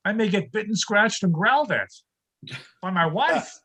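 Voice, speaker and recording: An older man doing a stand-up comedy routine over a video call, delivering deadpan one-liners about his home life. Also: high voice, normal speed, husky, low-quality recording.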